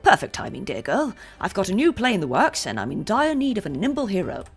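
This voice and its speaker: A woman's voice: mid-range voice, wildly swooping pitch, a little fast, gravelly, slightly rough, soft background music, heavily acted. A woman voicing a theatrical old male clown who talks like a grand stage performer.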